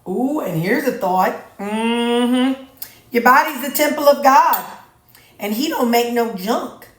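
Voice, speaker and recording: A woman's voice: fairly high pitch, slow pace. A middle-aged woman chatting casually to camera in her home kitchen, folksy and teasing. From Missouri. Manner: chatty, folksy, teasing, sings snatches to herself. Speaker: vlogger. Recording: roomy echoey kitchen.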